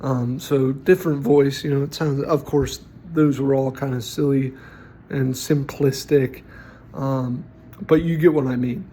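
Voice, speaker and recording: A man's voice: mid-range voice, steady tone, a little slow, warm tone, slight background noise. A man who runs tabletop games gives advice in a blunt, opinionated way, with lots of fillers. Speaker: game master giving advice. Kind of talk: casual opinionated talk.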